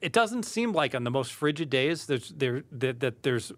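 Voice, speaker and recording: A man's voice: medium pitch, very animated, moderate pace, no room sound. Hesitant man in a dry room. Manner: hesitant, rambling, with many fillers and restarts. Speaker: sports betting analyst. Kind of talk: casual debate.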